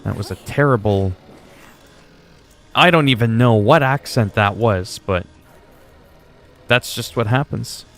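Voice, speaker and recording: A man's voice: mid-range voice, measured pace, long pauses, fairly bright tone. A man chatting casually on a game livestream, rambling and swearing freely. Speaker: game streamer.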